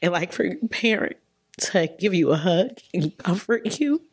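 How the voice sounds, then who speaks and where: A woman's voice: fairly low pitch, moderate pace, slightly rough. A young woman from Texas, a podcast guest telling candid personal stories in casual chat, often laughing as she talks. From Texas, US South. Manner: candid, animated, laughs through her stories.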